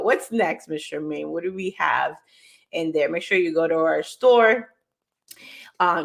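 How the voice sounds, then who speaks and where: A middle-aged woman hosting a morning show in energetic, casual chat, talking straight to viewers and her crew. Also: lowish voice.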